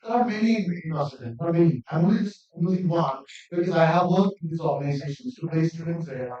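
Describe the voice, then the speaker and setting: A man's voice: fairly high pitch, quick pace, dark tone. Earnest man lecturing in an echoey hall. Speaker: academic lecturer. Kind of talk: conference presentation. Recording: distant mic in echoey hall, dull sound.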